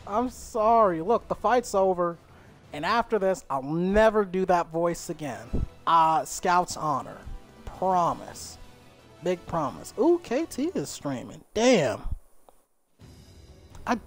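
A man giving casual, joking commentary while he streams a game, often laughing off his own remarks. He talks slowly, and his pitch is lively and animated. Soft game music plays underneath. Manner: joking, apologetic banter. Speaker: gaming streamer.

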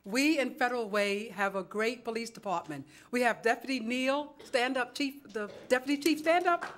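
A woman from New York stands at a council chamber podium and tells a long story in a chatty, theatrical way. Her voice sits a little high, and she plays out both sides of each conversation as she goes. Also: moderate pace. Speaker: public commenter. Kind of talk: animated storytelling at a council meeting.

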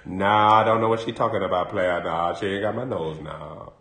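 A man's voice: deep voice, moderate pace, fairly bright tone, roomy sound, pitched below the performer's own voice. A man voicing a shifty, evasive grown man who mumbles his denials.

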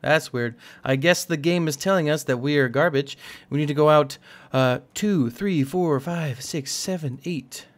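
A man's voice: a little high, measured pace, few pauses. A young man casually talking through a building game, rambling and poking fun at himself. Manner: rambling, self-mocking and jokey. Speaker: gaming channel host. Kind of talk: casual let's-play commentary.

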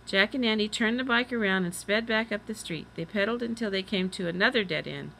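A woman reading a children's chapter book aloud, doing the children's lines a little higher. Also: fairly quick, creaky, pushed and bright, a little hiss or hum, rough recording. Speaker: reader. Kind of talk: storybook read-aloud.

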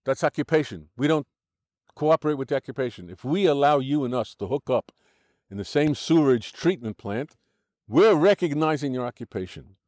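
A man's voice: mid-range voice, animated, brisk, a little mellow, no echo, studio quality. An older American-born man with an American accent, giving an interview in an argumentative, lecturing way, restarting sentences often. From United States. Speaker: interview guest.

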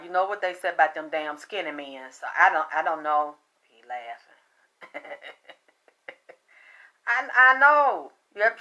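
A woman's voice: on the low side, pushed and bright. A woman giving a casual tarot card reading, chatty and profane, often breaking into laughter. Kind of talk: casual spiritual reading monologue.

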